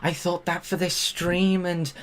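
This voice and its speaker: A woman's voice: flat delivery, measured pace, slight background noise. A woman giving sarcastic, exasperated commentary as a live streamer reacting to a TV show. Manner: sarcastic, exasperated, jumps into loud high exclamations.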